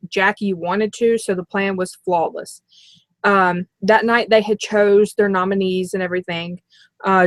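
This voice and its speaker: A woman's voice: mid-range voice, no echo. A female co-host recapping events in casual chat, rambling with fillers.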